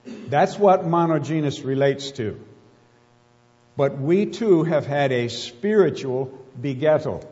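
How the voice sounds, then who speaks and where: A man preaching a sermon, emphatic and full of rhetorical questions, slowing down to stress key words. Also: fairly high pitch, lively intonation, darkish tone, soft background music. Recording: muffled sound with long hall reverb.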